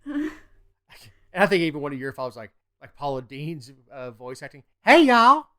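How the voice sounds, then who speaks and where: A man co-hosts a political podcast, speaking bluntly and with strong opinions in casual chat, sometimes slipping into mocking impressions. His medium-pitched voice is expressive and brisk.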